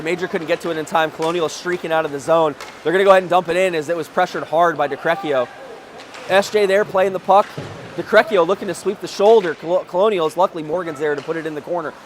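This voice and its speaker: A man doing live play-by-play of a youth hockey game, with quick calls that jump up at big plays and joking asides. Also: a little high, slight background noise. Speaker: play-by-play commentator.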